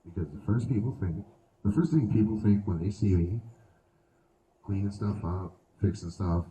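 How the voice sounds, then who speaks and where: Speaking at a moderate pace in a lowish voice, a man does a live stand-up set at an outdoor show venue. His storytelling is animated, crude, and thick with profanity, and the low-quality recording is reverberant, distant from the mic, and has slight background noise.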